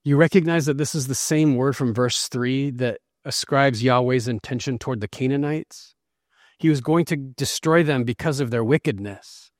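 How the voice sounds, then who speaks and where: A man's voice: medium pitch, normal speed, a little mellow, no room sound, clean studio sound. A man preaching an expository sermon, earnest and emphatic as he explains and reads scripture. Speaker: pastor.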